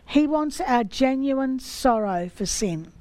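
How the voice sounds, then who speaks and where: A woman giving a sermon, reading scripture in a slow, measured way. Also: high voice, expressive, a little mellow, dry recording, low-quality recording. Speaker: teacher of scripture.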